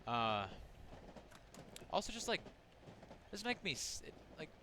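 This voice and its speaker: This gaming channel host, a young man, talks in a slightly high, sing-song voice at an unhurried pace as he plays a horror game. His casual commentary rambles, with many fillers and restarts, and the background is noisy.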